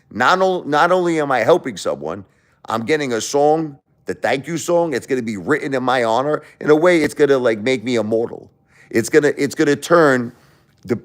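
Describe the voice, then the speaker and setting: A man hosting a live stream, ranting in a casual, indignant way and often restarting his sentences. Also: on the low side. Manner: animated, indignant, rambling with restarts. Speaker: livestream host.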